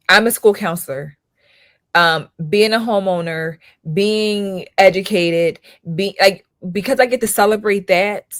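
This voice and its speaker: A woman's voice: medium pitch, a bit bright, dry recording, clean studio sound. A woman in her thirties, a school counselor hosting her own channel, talking in a casual commentary style with emphatic rhetorical questions and frequent repetition.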